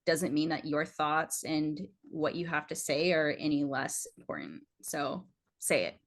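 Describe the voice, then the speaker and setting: A woman's voice: sits low, a little slow. A woman guest on a casual interview podcast, giving earnest, encouraging advice with frequent fillers.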